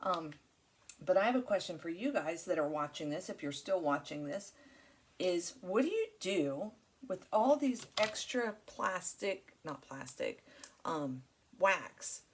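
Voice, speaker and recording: A woman's voice: on the low side, very animated, a little slow, slight background noise. Chatty woman hosting a crafting vlog. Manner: rambling, friendly, many fillers. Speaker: crafting channel host. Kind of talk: casual chat while crafting.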